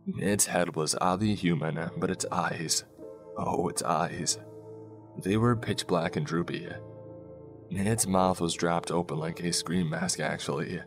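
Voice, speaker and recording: A man narrating a first-person scary story in a slow, hushed way, with soft music behind him. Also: deep voice, steady tone. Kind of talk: scripted horror story narration. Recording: faint background music.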